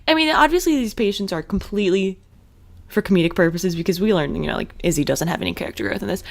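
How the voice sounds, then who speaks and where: A woman's voice: mid-range voice, lively intonation, quick pace, creaky. A young woman co-hosting a podcast, chatting casually and giggling as she recaps an episode. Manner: giggly, mocks characters in put-on voices. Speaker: podcast co-host.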